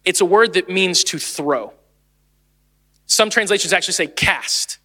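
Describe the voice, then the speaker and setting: A man in his late thirties, the lead pastor, preaching a sermon in a chatty, animated way and laughing easily. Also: high-pitched, a little slow, in a large hall. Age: 30s.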